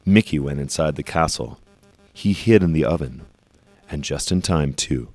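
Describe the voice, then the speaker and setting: A man reading a children's storybook aloud, leaning slowly and emphatically on repeated phrases. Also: a bass voice, animated, darkish tone, no echo, faint music behind.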